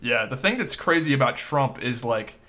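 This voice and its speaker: A man co-hosting a podcast in casual chat, profane and excitable, breaking into laughter. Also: medium pitch, normal speed. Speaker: podcast co-host.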